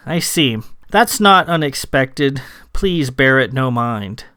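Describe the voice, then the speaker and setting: Droll bureaucratic lord, read by a man, clipped and unmoved, mid-pitched, dry close sound. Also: lively intonation, takes it slowly, pushed and bright, clear, resonant tone, no room sound. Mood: detached. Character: cool, impatient male lord official.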